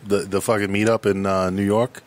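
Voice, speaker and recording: A man asking quick questions and joking in casual podcast banter. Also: on the low side, flat delivery, a little hiss or hum.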